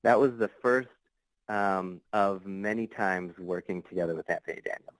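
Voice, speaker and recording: A man guesting on a podcast, recounting a story in a loose, rambling way full of fillers and false starts. His voice sits low. The sound is dry and close, with no room around it. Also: moderate pace, no echo, poor audio. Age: adult. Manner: rambling, many fillers and restarts. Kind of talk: casual storytelling.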